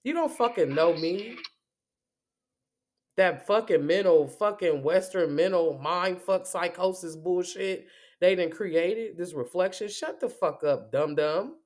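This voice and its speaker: A woman's voice: on the low side, a little slow, a little mellow. A woman giving a profane, confrontational spoken rant as a spiritual vlogger, cursing heavily and repeating herself.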